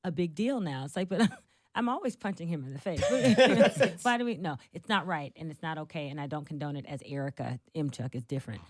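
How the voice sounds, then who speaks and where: A woman's voice: low voice, fairly quick, no room sound, clean studio sound. An actress on a cast panel telling a playful, teasing story in an interview, laughing as she goes. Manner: animated, teasing, laughs while telling stories. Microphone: lapel mic.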